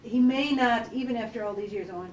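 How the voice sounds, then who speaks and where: A woman working as an animal communicator, talking gently and hesitantly in a relaxed consultation, with many fillers. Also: a little high, brisk. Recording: distant, roomy, noisy field recording.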